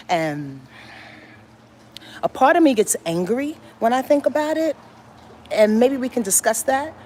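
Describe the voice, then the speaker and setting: Lively, profane woman astrologer on a phone. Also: lowish voice, slight background noise. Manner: animated, profane, emphatic and repetitive. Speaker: astrologer hosting a weekly rundown. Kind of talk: casual livestream talk. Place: moving through a building. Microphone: handheld phone.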